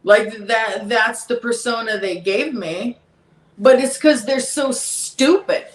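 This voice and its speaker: A woman's voice: fairly high pitch, takes it slowly. A woman hosting a podcast, talking casually in an exasperated way, laughing and repeating herself. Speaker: podcast host. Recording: echoey room.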